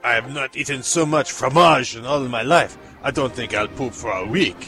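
A man's voice: mid-range voice, normal speed, over music, natural voice. A man voicing an arrogant, snotty French villager in a snooty, theatrical way for improv comedy.

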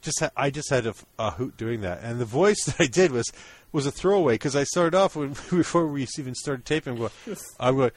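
A man's voice: medium pitch, animated, brisk, hardly any pauses, no echo. A man co-hosting a podcast, chatting casually about old episodes and laughing often as he retells the jokes. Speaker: podcast co-host. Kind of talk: casual chat.

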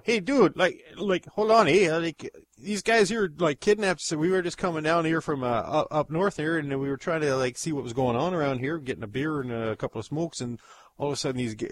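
A man's voice: fairly high pitch, a little fast, voice pushed up, natural voice. A man voicing a dim, apologetic alien who talks like a laid-back Canadian, rambling through "like" and "eh". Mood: pleading.

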